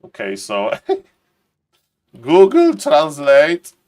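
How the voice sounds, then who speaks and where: A young man streaming and commenting on a strategy game replay, excitable, talking to chat in non-native English and tripping over words. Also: on the high side, very slow. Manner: excitable, talks to chat, keeps saying "ladies and gentlemen".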